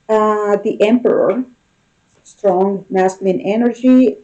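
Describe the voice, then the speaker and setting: A woman's voice: fairly low pitch, measured pace, dark tone, lo-fi sound. A woman giving a casual tarot reading, talking in a loose, conversational way and often checking in with "okay?" and "you know?". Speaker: tarot reader.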